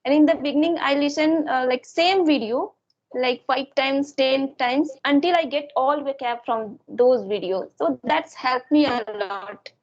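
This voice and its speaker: Woman host, high voice, lots of uhs, kinda dull lo-fi sound. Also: unhurried. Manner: hesitant, many filler sounds. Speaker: channel host and learner. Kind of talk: casual chat.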